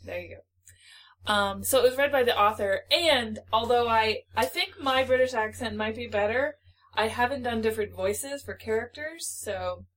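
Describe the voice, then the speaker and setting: A woman's voice: on the high side, normal speed, a bit bright, rough recording. A woman co-hosting a book podcast, chatting casually in playful, joking banter. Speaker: podcast co-host. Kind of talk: casual chat.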